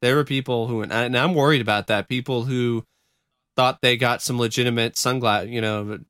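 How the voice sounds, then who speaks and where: A man's voice: mid-range voice, steady tone, a little fast, a bit bright, smooth, dry recording, studio quality. A man co-hosting a casual podcast, rambling and joking, sometimes hunting for words. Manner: rambling, joking, swears, trails off looking for words. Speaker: podcast co-host. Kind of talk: casual chat.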